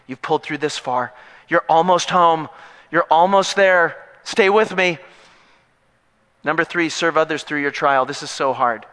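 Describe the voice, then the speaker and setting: A man preaching a sermon as pastor, animated and joking, swinging between loud, emphatic points and hushed, intimate asides. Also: medium pitch, clean tone, in a large hall.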